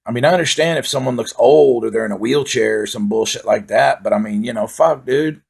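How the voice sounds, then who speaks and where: A man's voice: medium pitch, brisk, vocal fry, husky. A man delivering a rambling, profane comedic monologue in a laid-back storytelling way. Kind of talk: stand-up style comedic monologue.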